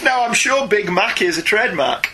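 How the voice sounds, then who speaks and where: A man co-hosting a casual comics podcast, animated and often laughing, with quick asides. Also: high-pitched, heavy background noise. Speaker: podcast co-host. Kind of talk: casual chat about comics.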